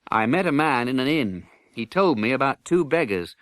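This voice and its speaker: A man voicing a confident, clever knight who speaks briskly and takes charge. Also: mid-range voice, lively intonation, a bit bright, no room sound, pitched above the performer's own voice, lightly acted. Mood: explaining. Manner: brisk, commanding.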